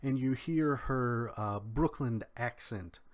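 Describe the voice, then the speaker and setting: Man, young adult, faint Kentucky twang; unhurried solo commentary, mid-pitched, pausing often. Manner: measured, drawn-out delivery with pauses. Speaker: commentary podcaster.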